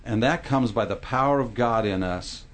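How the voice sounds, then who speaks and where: A man's voice: medium pitch, moderate pace. A middle-aged man speaking earnestly in a Christian podcast discussion, explaining and acting out quoted lines like a pastor.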